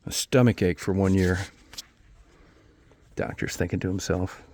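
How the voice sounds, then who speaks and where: A man's voice: deep voice, moderate pace, pauses often, background noise. A middle-aged man rambling in a casual vlog, swearing a lot and mocking himself in a wry, ranting way. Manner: profane, wry, self-mocking rant. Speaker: vlogger.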